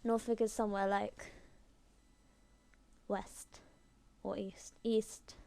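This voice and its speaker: A woman's voice: medium pitch, flat delivery, slow pace, gravelly, darkish tone. A woman with an English accent chatting casually in a rambling, giggly way, recorded on a built-in computer microphone. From England. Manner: rambling and chatty, full of "like" and "you know", giggly. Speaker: video blogger sending an audio message.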